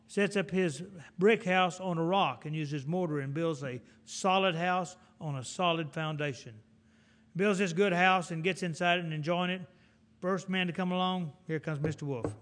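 A middle-aged man preaching a folksy sermon in an animated, storytelling way. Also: high-pitched, moderate pace.

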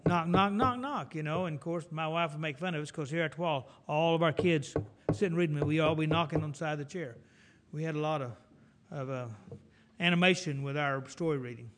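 A middle-aged man preaching a folksy sermon in an animated, storytelling way. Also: on the high side, a little fast, a little hiss or hum.

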